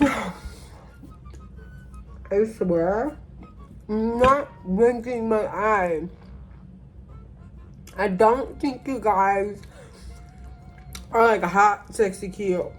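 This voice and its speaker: A woman's voice: mid-range voice, extremely slow, pauses often, faint music behind. A tipsy woman rambling through a casual vlog, mocking herself, trailing off and restarting her sentences. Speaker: vlogger.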